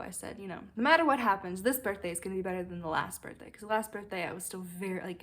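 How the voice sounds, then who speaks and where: A young woman talking candidly in a personal video diary, halting, with many fillers and restarts, emotional and near tears. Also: medium pitch. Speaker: vlogger recovering from a brain injury.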